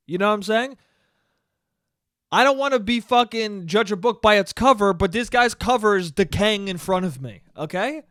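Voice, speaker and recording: High-voiced, profane ranting man. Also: moderate pace, a bit bright, no echo, studio quality. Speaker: podcast host. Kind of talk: solo comedic podcast monologue.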